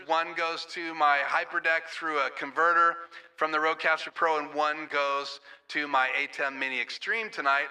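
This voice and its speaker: A man's voice: a little high, pushed and bright, smooth. A man hosting a casual live stream, walking through his studio audio gear in an explanatory way with frequent fillers. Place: home studio.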